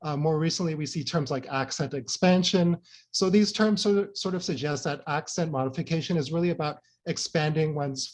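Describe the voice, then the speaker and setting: A man delivering an academic talk in a somewhat high voice. He keeps it conversational, leaning on "you know" and checking in with listeners through frequent tag questions. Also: a little mellow. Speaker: invited speaker. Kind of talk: academic lecture.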